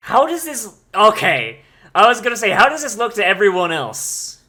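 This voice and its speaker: A man reacting to an anime episode as he watches, swearing freely and reacting in disbelief at what happens on screen. His voice is bright and forward, and he talks in a loose, casual way. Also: high voice, sing-song, normal speed. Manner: profane, incredulous outbursts. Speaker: anime watch-along host.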